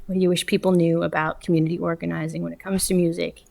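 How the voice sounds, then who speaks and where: A woman's voice: fairly low pitch, level tone, fast, creaky, darkish tone. A woman interviewing a guest in a casual conversation, asking encouraging questions.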